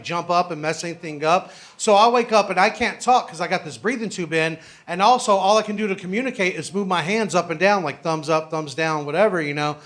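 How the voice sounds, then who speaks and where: A man's voice: sits high, fairly bright tone. A man doing a stand-up set in a comedy club, telling a story loosely and building to exasperated punchlines.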